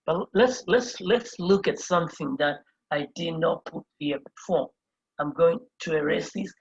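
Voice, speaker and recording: Slow, husky-voiced Spanish teacher. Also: mid-range voice, highs cut off. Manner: spells words out letter by letter, repeats each term; patient, explains step by step. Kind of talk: whiteboard language lesson. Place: indoors at a whiteboard.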